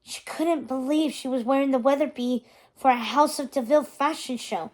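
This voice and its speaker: A woman reading a chapter book aloud, with gentle, expressive narration. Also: high voice, moderate pace. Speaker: reader. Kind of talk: storybook read-aloud.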